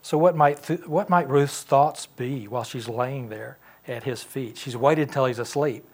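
A man's voice: mid-range voice, a little slow. A man teaching a Sunday school class in a church classroom, talking conversationally and asking the class questions.

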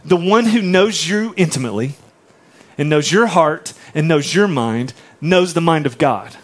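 Conversational man preaching, slightly high voice. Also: animated, measured pace. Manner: conversational, emphatic, asks the congregation "right?". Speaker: pastor. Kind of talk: sermon. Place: church.

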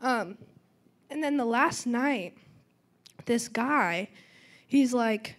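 A woman's voice: on the high side, lively intonation, drawn-out words. A teenage girl giving a church testimony in a chatty way, full of "um" and "like," acting out quoted dialogue. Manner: chatty, lots of "um" and "like", acts out quotes. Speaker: youth testimony speaker.

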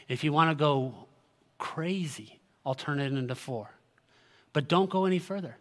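A man's voice: medium pitch, lively intonation, normal speed, fairly bright tone. A man giving a sermon as a pastor, earnest and direct, building to emphatic peaks. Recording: long hall reverb.

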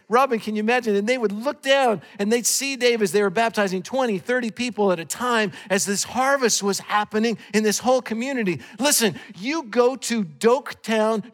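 A Canadian man delivers a sermon in a storytelling way, swinging from loud, bright passages to quiet, hushed asides. His voice sits a little high for a man, and a long reverb trails behind it in the hall. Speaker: guest preacher.

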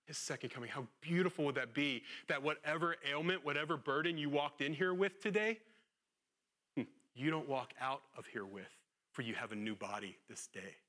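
Male pastor with a somewhat high voice, earnest sermon delivery that swings between loud exclamations and quiet, low-voiced reflection. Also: normal speed.

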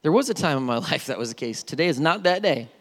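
A man preaching a sermon as pastor, animated and playful, with storytelling asides. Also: fairly high pitch, quick pace. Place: church sanctuary.

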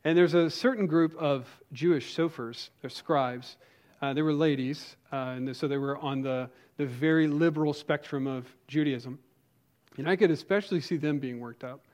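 A man's voice: fairly high pitch, normal speed, darkish tone. A man preaching a sermon as a pastor, telling a personal story in a conversational way with frequent restarts and asides.

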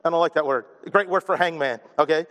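A man's voice: fairly high pitch, fast talker, a bit bright, big-room sound. A man preaching a sermon, joking and poking fun at himself between points. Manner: joking, self-deprecating asides. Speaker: pastor.

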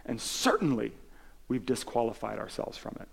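A man's voice: medium pitch, big pitch swings, moderate pace, gravelly, slightly rough. A man pastor giving a conversational sermon, telling stories with many restarts and filler words.

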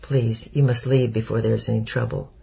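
A droning, nervous clerk, read by a man speaks flatly and low. The voice is husky and dark. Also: fairly quick, heavily acted. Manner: flat droning, then hushed.

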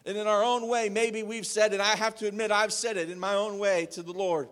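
A male pastor preaching a sermon, swinging dramatically between loud proclamations and hushed, confessional asides. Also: high voice, little pitch movement, brisk, hardly any pauses.

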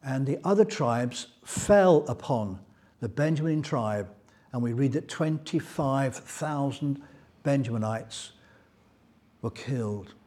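A man preaching a Bible teaching sermon, retelling scripture in a lively storytelling way. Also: mid-range voice, slow pace.

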